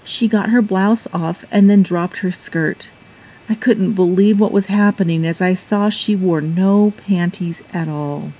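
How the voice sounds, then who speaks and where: Female audiobook narrator, mellow and slightly husky, unhurried intimate first-person read. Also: on the low side, lo-fi sound.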